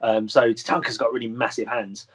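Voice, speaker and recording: Chatting casually as a guest, a wrestler in his thirties spins meandering, filler-packed stories and cracks himself up along the way. He speaks fairly quickly in a mid-range voice with a steady tone and a breathy edge.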